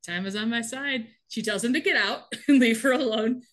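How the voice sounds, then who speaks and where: A woman in casual chat, recapping a TV episode with lively, laughing delivery and quick acted-out lines. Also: sits high. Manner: animated, laughing often, acts out characters' lines. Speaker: podcast co-host recapping a TV episode.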